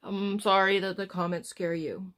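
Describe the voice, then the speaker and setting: A woman's voice: mid-range voice, flat delivery, normal speed, fairly bright tone, slight background noise. A woman live streamer rambling in casual chat as she talks to her viewers. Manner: rambling, chatting with chat, drifting off-topic.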